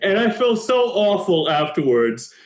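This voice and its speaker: A man co-hosting a podcast, telling an animated story in casual chat and laughing often. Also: high voice, measured pace. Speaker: podcast co-host. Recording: roomy echo.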